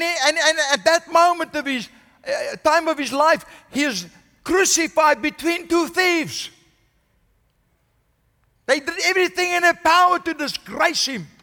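Male senior pastor, high bright voice, sermon delivery, reverberant church room. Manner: preaching with rising emphasis, calls of "Amen?".

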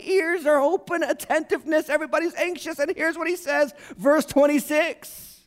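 A pastor preaching a sermon in an animated, humorous way, acting out quotes. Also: male voice, extremely high pitch, moderate pace.

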